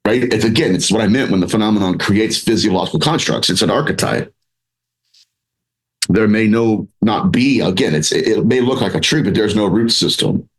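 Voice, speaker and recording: A man with a somewhat low voice talks as a podcast guest. He is animated and rambling, restarting his sentences and slipping into little acted-out voices as he explains. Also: normal speed, rough recording. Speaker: paranormal researcher and author, podcast guest. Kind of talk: conversational interview.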